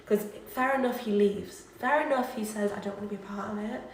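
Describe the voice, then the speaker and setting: A woman's voice: mid-range voice, a little fast, far from the mic, slight background noise. A drunk young woman from England streaming late at night, rambling chattily and repeating herself. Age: young adult. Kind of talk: casual drunk livestream chat. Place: student flat kitchen. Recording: echoey room, voice off-mic at times.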